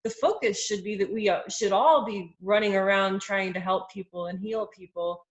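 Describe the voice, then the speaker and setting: A woman's voice: mid-range voice, normal speed, muffled recording. A woman in a Bible study group, thinking aloud in a rambling way, full of "like" and "um". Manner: rambling and searching, heavy use of "like" and "um". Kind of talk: casual group discussion. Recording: echoey room.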